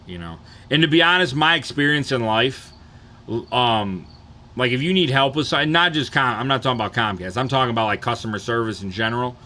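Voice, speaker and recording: A man's voice: mid-range voice, sharp tone. A young man chatting casually on a live stream, rambling and swearing freely as he tells stories. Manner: profane, rambling storytelling.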